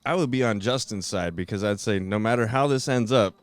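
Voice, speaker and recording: A man's voice: lowish voice, a little fast, clear, resonant tone, no echo. A man who is a guest on a casual podcast chat, talking bluntly and swearing heavily.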